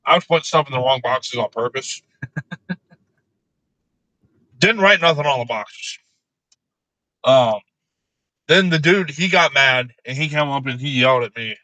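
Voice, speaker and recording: A man telling crude work stories in casual chat, laughing often and delivering his own quoted replies deadpan. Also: medium pitch, a little slow, long pauses, dry recording, poor audio.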